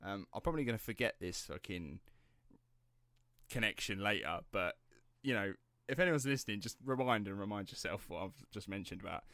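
Low-voiced man, rambling podcast host. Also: expressive, fairly quick, sharp tone, dry recording, studio quality. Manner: chatty, rambling, swears and laughs easily. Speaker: podcast host telling the story. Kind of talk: casual true-crime podcast chat.

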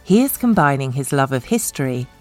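A woman narrating a feature in a measured, polished, scripted way. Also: a bass voice, sing-song, darkish tone, faint music behind.

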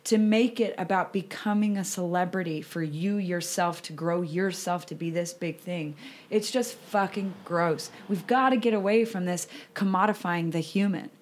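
A woman's voice: lowish voice, moderate pace. A woman in frank, casual conversation, swearing freely and laughing often. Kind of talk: casual chat.

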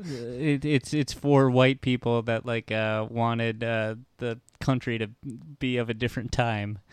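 A man co-hosting a comedy podcast, making joking, deadpan asides in casual chat. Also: medium pitch, measured pace, smooth, no echo. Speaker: podcast co-host.

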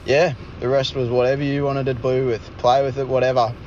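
A man's voice: mid-range voice, little pitch movement, fairly quick, a little mellow, dull audio, a little hiss or hum. An Australian man leaving a friendly, encouraging voice message. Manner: encouraging, matey. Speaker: caller sending a voice message.

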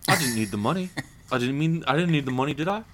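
A man's voice: on the high side, animated, fast, a bit bright. A man doing a comic impression of a boastful older British film actor, in a wobbly fake London accent, tagging every line with "isn't it?" or "wasn't I?". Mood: smug. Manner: tags lines with "isn't it?" and "wasn't I?". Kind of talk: comic impression in a podcast chat.

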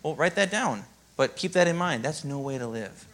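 A man preaching a sermon as pastor, in a lively, conversational way and often asking "Amen?". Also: fairly high pitch, normal speed.

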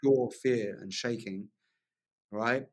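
A man guesting on a podcast, spinning a vivid personal story with excitable energy. His voice sits in an ordinary middle pitch, and he talks loosely, laughing along the way and peppering sentences with "like.". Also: slow. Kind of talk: storytelling in casual conversation.

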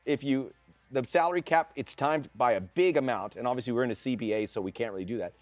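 A man co-hosting a sports podcast, talking in a casual, animated and opinionated way. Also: mid-range voice, quick pace, no echo, soft background music. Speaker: podcast co-host.

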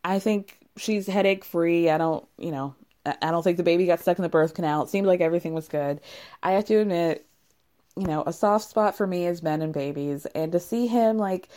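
A woman's voice: lowish voice, brisk, mellow. A woman hosting a casual recap of reality TV, chatty and giggly, cursing now and then. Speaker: podcast host recapping reality TV. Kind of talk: casual chat.

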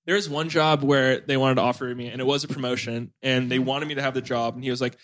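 A man's voice: mid-range voice, fast, no echo. A man in his late twenties, host of a podcast, telling stories in a casual family chat with lots of "like" fillers. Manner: rambling, heavy on "like" fillers, animated storytelling.

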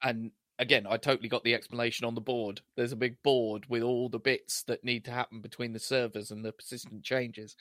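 Male co-host, bright tense tone, enthusiastic recap, dry mic. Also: flat delivery, fairly quick, hardly any pauses, dry recording. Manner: enthusiastic, quotes scenes in high put-on voices. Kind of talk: casual chat recapping a TV episode.

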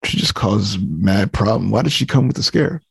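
Gravelly low-voiced man in casual chat. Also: expressive, brisk. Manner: blunt slangy remarks.

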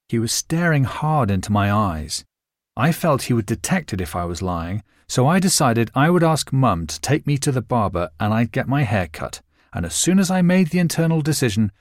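A man narrates a novel in expressive, scripted storytelling. His pitch moves freely and colorfully through each line. The sound is dry and close, with no room echo. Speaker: audiobook narrator.

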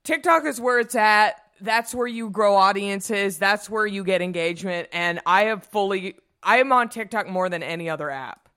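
This is a woman co-hosting a chatty beauty podcast, with a middle-pitched voice. She gushes enthusiastically about what she loves and picks up speed whenever she gets excited. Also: clear, resonant tone. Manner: enthusiastic, gushing, talks fast when excited. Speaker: podcast co-host. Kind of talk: casual chat.

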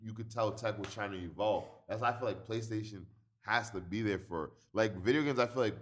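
A young man with a somewhat low voice rambles through a casual podcast story. He leans on slang and fillers as he talks. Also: brisk, a bit bright, a little hiss or hum. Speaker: podcast co-host. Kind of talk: casual chat.

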